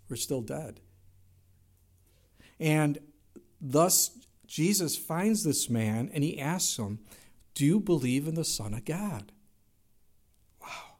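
Man, pastor, sermon, emphatic, rhetorical questions, slightly high pitch. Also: a little mellow. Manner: emphatic preaching with rising exclamations and rhetorical questions.

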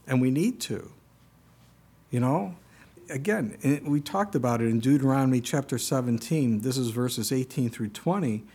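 A man in the middle of a sermon, talking to his congregation in a plain, conversational way. His voice sits at an ordinary middle pitch, and he reads scripture aloud, now and then breaking into animated exclamations. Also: normal speed, slightly rough. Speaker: pastor.

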